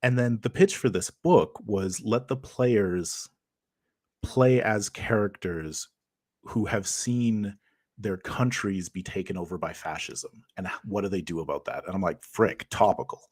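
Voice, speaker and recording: A man's voice: low voice, a little slow, darkish tone, no room sound, studio quality. A man speaking as a guest game master over a video call, upbeat and joking. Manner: upbeat and joking, laughs easily. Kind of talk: casual interview chat.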